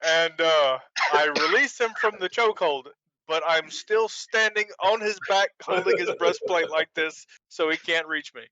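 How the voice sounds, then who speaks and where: A man's voice: fairly high pitch, moderate pace, pushed and bright, dry recording. A man running a tabletop game as game master, laughing often between his lines. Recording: dull lo-fi call audio, dry.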